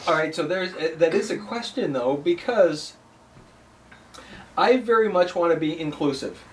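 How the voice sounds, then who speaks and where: A woman's voice: lowish voice, lively intonation, normal speed, recorded from a distance, a little hiss or hum. A woman co-hosting a casual business chat, talking in a candid, emphatic, self-deprecating way. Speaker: co-host.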